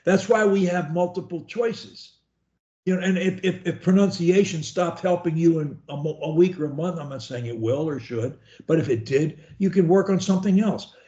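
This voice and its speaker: A man's voice: on the high side, moderate pace, warm tone, lo-fi sound. A man coaching a student one-on-one over a video call, talking in a folksy, rambling, encouraging way. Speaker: speech coach.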